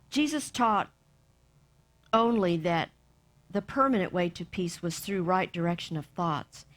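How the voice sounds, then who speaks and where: A woman minister giving a sermon, lively, acting out bits of the story and dropping to soft near-whispers for emphasis. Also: medium pitch. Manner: animated, acts out voices, drops to soft near-whispers.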